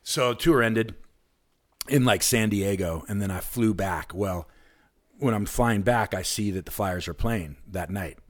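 A man from Alaska, a podcast guest, telling a long, excited anecdote in casual chat and acting out the people in it. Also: on the low side, measured pace. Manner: excited, rambling anecdote with lively quoted voices.

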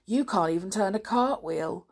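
A woman's voice: medium pitch, lively intonation, moderate pace. A woman reading the lines of a cheeky, rude schoolboy in a storybook, blunt and teasing.

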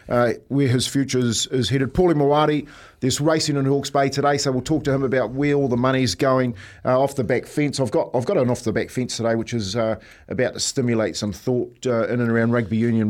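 A New Zealand man at mid pitch co-hosts a morning radio show. He rambles through casual banter, chuckles often and drops "mate" into nearly every sentence. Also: darkish tone. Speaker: radio breakfast co-host.

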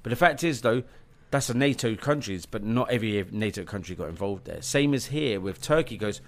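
A man's voice: fairly low pitch, fairly quick, hardly any pauses, slight background noise. A man from the United Kingdom, a documentary filmmaker, talking bluntly and with animation on a casual podcast over a call. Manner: blunt, animated storytelling with laughs.

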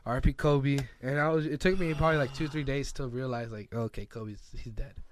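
A man's voice: mid-range voice, steady tone, quick pace. A man co-hosting a casual podcast chat, talking in loose, rambling sentences with many restarts. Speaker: podcast co-host. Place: home, playing poker while recording.

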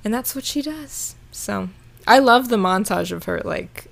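A woman's voice: mid-range voice, animated, unhurried, creaky, slight background noise. A woman co-hosting a casual chat, leading a film recap in a chatty way with lots of fillers. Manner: chatty, heavy use of "like", leads the recap. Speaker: podcast co-host.

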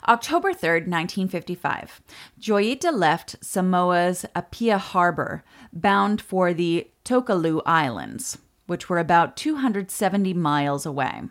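A woman co-hosting a podcast, telling a history story in a relaxed way with quick asides. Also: fairly low pitch. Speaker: podcast co-host. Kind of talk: storytelling chat.

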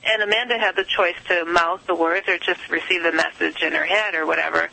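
A woman's voice: on the low side, fairly even intonation, brisk, gravelly, pushed and bright, dry recording, poor audio. A woman guest telling a story in a casual interview, rambling with many fillers and quoted asides.

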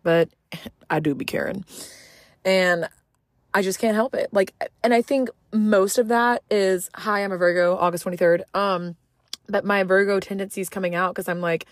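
A Southeast Texas woman hosts a casual solo podcast from her car, talking into a phone held to her mouth. Her medium-pitched voice moves at normal speed as she rambles, swears freely and pokes fun at herself. The sound is clean and studio-like, with no room sound.

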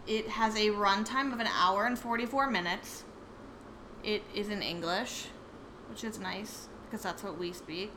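A young adult woman co-hosting a podcast, relaxed, reading facts with dry asides. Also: medium pitch, measured pace, noisy background. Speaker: podcast co-host. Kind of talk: casual chat.

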